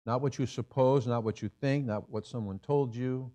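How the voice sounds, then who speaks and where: A man's voice: medium pitch, steady tone, normal speed, hardly any pauses, dark tone. A man in his sixties, a pastor preaching a sermon in a church, emphatic and repeating key phrases for effect. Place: church sanctuary.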